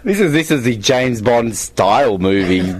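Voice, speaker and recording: A man co-hosting a casual movie commentary, joking and quick to laugh. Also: medium pitch, expressive. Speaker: podcast co-host.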